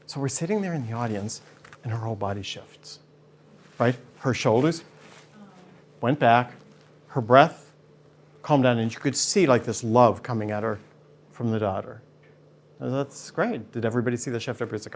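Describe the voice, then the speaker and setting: A man's voice: medium pitch, moderate pace, long pauses, a little hiss or hum. A man speaking as a guest before a studio audience, telling stories with energy and acting out the people in them. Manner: energetic, acts out voices when telling stories. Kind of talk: animated storytelling talk.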